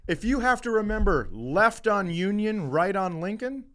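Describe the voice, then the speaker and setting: A man's voice: high-pitched, lively intonation, normal speed, fairly bright tone. A man co-hosting a comedy podcast, ranting with exasperation about everyday annoyances in casual banter.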